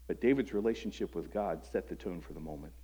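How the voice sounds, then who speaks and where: Earnest pastor preaching, mellow husky voice. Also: male voice, low-pitched, fast talker. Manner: earnest, conversational preaching with rhetorical questions. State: voice breaking with emotion at times. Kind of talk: sermon.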